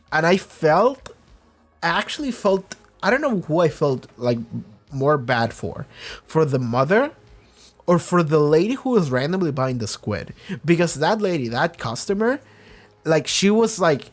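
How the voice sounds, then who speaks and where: A man's voice: on the high side, animated, unhurried. A man hosting a reaction channel, rambling through casual commentary with many restarts and acting out quotes. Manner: acts out quoted characters.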